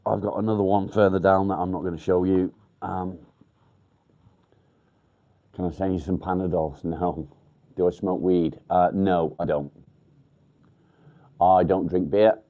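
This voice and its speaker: An English man runs a relaxed live chat with his viewers, answering their comments one by one. His voice sits low and sounds dark and warm. He talks bluntly, swears without a second thought and fills his pauses with ums. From England. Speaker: livestream host. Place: outdoors by a field.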